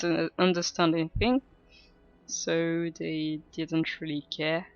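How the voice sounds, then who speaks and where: Slow, hesitant woman streamer. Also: lowish voice, fairly bright tone, lo-fi sound. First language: French. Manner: hesitant, chatty, self-mocking, with frequent laughs. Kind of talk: casual gameplay chat.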